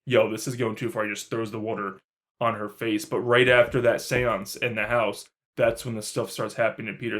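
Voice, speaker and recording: Guy on a podcast raving about a horror flick, casual, gets worked up, swears a lot. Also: fairly low pitch. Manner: excited, animated, swears freely. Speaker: podcast co-host. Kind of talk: casual movie review chat.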